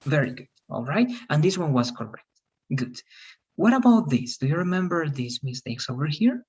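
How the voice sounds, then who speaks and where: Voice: medium pitch, animated, normal speed, a little mellow, husky, muffled recording. An English teacher on a video call, patiently correcting students' pronunciation and encouraging them. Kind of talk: online class feedback.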